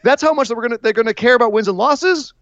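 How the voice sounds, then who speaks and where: A man co-hosting a podcast in casual chat, joking and animated, with quick asides. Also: very high-pitched, no room sound, dull audio. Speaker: podcast co-host.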